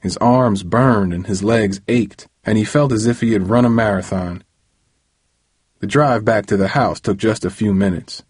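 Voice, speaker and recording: A man reading a novel aloud as narrator, in a steady storytelling manner. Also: lowish voice, moderate pace, slightly rough, no echo, clean studio sound. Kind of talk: audiobook narration.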